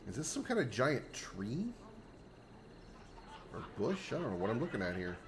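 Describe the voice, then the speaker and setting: A man's voice: mid-range voice, very animated, normal speed, noisy background. A man livestreaming a game, chatting and joking with viewers in loose, rambling commentary. His voice sits in a middle range for a man. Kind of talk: casual gameplay commentary.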